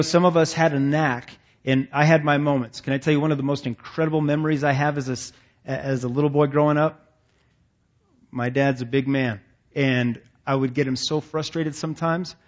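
Leading a men's ministry meeting, a man with a slightly high voice preaches to men seated around tables. His sermon is folksy, conversational and self-deprecating, and the audio is dull.

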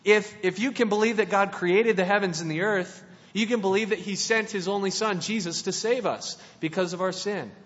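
A man's voice: sits high, normal speed, fairly bright tone. A man giving a casual sermon, playful and conversational, with many restarts. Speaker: preacher. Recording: dull, lo-fi sound in a reverberant hall.

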